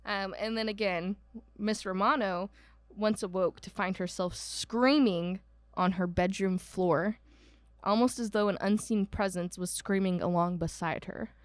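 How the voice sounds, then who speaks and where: A young woman tells a haunted-house story in a chatty, rambling way, full of "um"s and side comments. Her voice sits at a middle pitch and is recorded close and dry, with no room sound. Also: steady tone, unhurried, no echo. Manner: chatty storyteller, many "um"s and asides, mock voices for quoted people. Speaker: podcast co-host. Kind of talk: casual chat about a haunted house.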